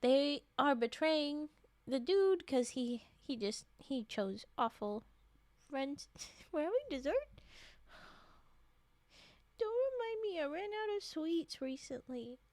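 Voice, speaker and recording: Brief: woman streamer, high voice, dry close sound, strained voice, reads a story and jokes with chat. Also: lively intonation, takes it slowly, pauses often, darkish tone, no echo. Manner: reads aloud, breaks off for joking commentary. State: voice straining, short of breath. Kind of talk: livestream story reading with chat asides.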